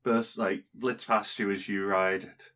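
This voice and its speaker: Male game master, lowish voice, hesitant scene narration. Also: fairly even intonation, unhurried, a bit bright. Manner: hesitant, many ums and restarts.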